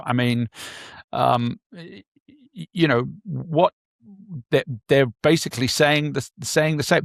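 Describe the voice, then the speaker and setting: A man co-hosting a casual political talk show, speaking haltingly with many fillers and restarts. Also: a little high, creaky, no room sound, clean studio sound. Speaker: podcast co-host.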